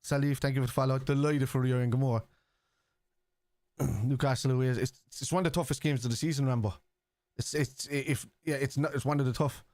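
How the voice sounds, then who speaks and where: A man's voice: medium pitch, fairly even intonation, fairly quick, darkish tone, no room sound. A man with a Scouse accent, hosting a football watchalong live stream, reading viewers' chat aloud and answering it in a casual, chatty way.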